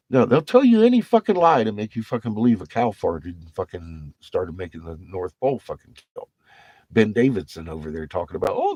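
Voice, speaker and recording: A man with a very low, husky voice tells rambling, cuss-filled stories in loose vlog talk. He laughs often as he goes. The sound is dry and close, with no room echo. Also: a little mellow. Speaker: vlogger telling navy stories. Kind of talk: rambling casual storytelling.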